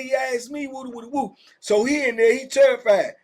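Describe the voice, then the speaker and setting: A middle-aged man telling a prison story in a casual, animated way, full of slang and talking straight to his listeners. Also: very high voice, moderate pace, hardly any pauses.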